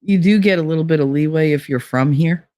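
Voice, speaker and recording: A middle-aged woman from Hoboken, telling personal stories in a blunt, profane, animated way as a podcast host. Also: low-pitched, brisk, no room sound, clean studio sound. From Hoboken, New Jersey. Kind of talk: casual storytelling.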